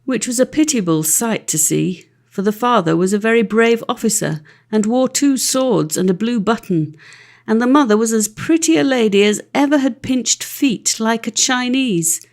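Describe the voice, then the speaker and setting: A woman narrating a classic fairy-tale audiobook with an expressive, lively reading. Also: fairly high pitch, normal speed. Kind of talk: storybook narration.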